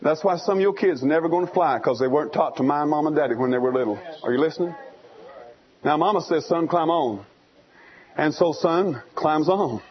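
A male preacher delivering a fiery storytelling sermon in church, swinging from hushed to shouting. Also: fairly high pitch, a little fast, lo-fi sound.

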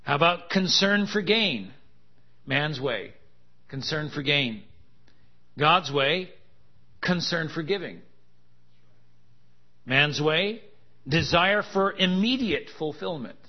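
Slow-preaching man, muffled recording. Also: fairly high pitch, animated, breathy edge. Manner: joking, laughing asides, rising to emphatic contrasts. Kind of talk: sermon. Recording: dull lo-fi sound.

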